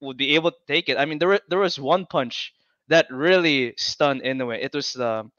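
A man with a slightly raised, smooth and resonant voice talks boxing casually, pausing and restarting often. His audio is dry and dull, with a lo-fi video-call sound. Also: a little high, dry recording. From Philippines. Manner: relaxed, halting, lots of fillers and restarts. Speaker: guest boxing commentator. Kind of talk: casual chat.

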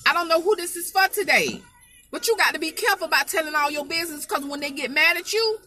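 A woman's voice: very high-pitched, fast talker, pushed and bright. A woman preaching an informal spoken sermon, emphatic and folksy, repeating her phrases to drive the point home.

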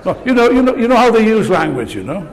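A man's voice: sits high, sing-song, quick pace. Sarcastic older man speaking in a hall. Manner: sarcastic, rousing, rhetorical questions. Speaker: political speaker. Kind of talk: political speech.

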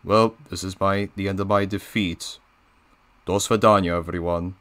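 A man voicing a scheming villainous male diesel engine with a put-on Russian accent, slow, gravelly and menacing. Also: low voice, fairly even intonation, fairly bright tone, pitched below the performer's own voice. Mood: defeated gloomy.

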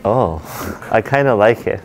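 A woman's voice: extremely low pitch, lively intonation, low-quality recording. A woman in a dating video, reacting frankly and with amusement to pickup lines. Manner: frank, amused, quick to laugh. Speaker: dating show participant. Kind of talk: casual chat. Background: background music.

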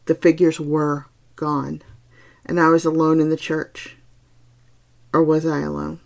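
Low, gravelly woman reading a ghost story. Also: level tone. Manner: slow, hushed, suspenseful. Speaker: podcast host reading a story.

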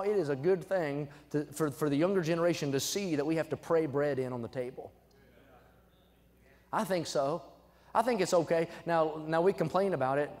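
Young male preacher, fairly high voice, emphatic sermon delivery, reverberant sanctuary. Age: young adult. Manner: emphatic, swings from low asides to loud exhortation. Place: church sanctuary. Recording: church sanctuary with long reverb.

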